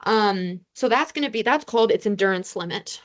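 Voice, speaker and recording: A woman's voice: medium pitch, expressive, brisk. A young woman tutoring a review session over a video call, casual and self-deprecating as she explains formulas. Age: young adult. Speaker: student tutor. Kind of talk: online review lesson.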